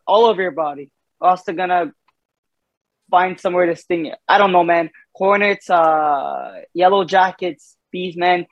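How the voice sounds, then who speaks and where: A man's voice: high voice, no echo. A man in casual chat, rambling and hesitant with many fillers. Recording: dry, dull lo-fi mic.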